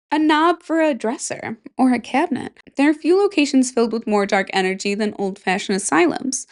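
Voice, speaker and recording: A woman's voice: mid-range voice, creaky. Chatty Midwestern woman podcast host. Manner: chatty, rambling, jokey asides and self-interruptions. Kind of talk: casual podcast chat, reading a list aloud.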